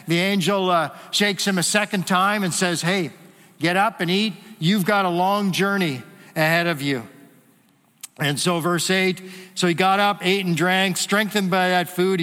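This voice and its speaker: A man preaching a sermon in a church hall, animated and acting out the voices he quotes. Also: high voice. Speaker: pastor. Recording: long hall reverb.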